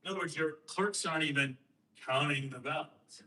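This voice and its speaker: Man, higher voice, very sharp tone, emphatic storyteller, distant mic. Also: a little fast. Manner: emphatic, rhetorical questions, acts out quoted voices. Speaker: guest speaker on election systems. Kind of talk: explaining and storytelling to a host.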